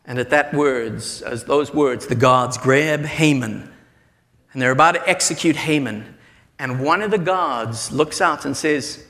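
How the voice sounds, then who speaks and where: A man preaching a sermon, retelling a story with animated voices for the characters. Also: mid-range voice, measured pace, long reverb tail.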